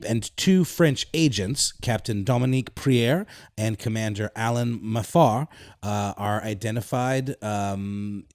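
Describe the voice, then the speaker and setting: A man's voice: fairly low pitch, measured pace, a little mellow, no echo, clean studio sound. A man co-hosting a podcast in a casual, wry way, with many fillers like "uh" and "like". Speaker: podcast co-host. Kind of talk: conversational podcast banter.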